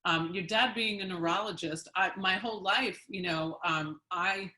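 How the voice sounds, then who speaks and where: A woman hosting an interview show, chatty and lively, laughing often as she talks. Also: mid-range voice, moderate pace. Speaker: show host. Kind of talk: casual interview conversation. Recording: echoey room.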